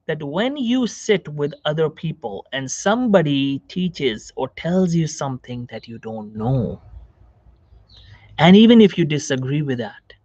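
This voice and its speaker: A man's voice: on the high side, sing-song, unhurried, a little mellow, no room sound, highs cut off. A man, a doctor, giving a seated self-help psychology talk, repeating phrases and asking the viewer questions. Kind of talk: direct-to-camera self-help lecture. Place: seated on a chair.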